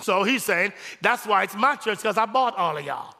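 High bright-voiced preaching man, echoing hall. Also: lively intonation, moderate pace. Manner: call-and-response preaching, rising to shouts on key phrases. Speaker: pastor. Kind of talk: sermon. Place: church sanctuary.

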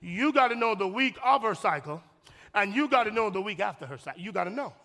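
High, gravelly preacher in a reverberant hall. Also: male voice, animated, fast, sharp tone. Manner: emphatic, repeats phrases, addresses the congregation directly; folksy and humorous. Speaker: pastor. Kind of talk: sermon.

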